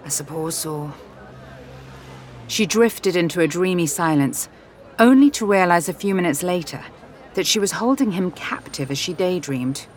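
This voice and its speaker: A woman narrating an audiobook in a steady, expressive reading voice. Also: lowish voice, normal speed, some chatter behind.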